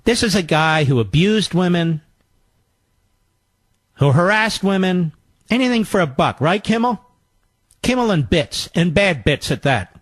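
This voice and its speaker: A man's voice: high voice, animated, a little slow, long pauses, slightly rough, no room sound. A man hosting a talk show, delivering a combative political monologue with sarcastic, mocking asides.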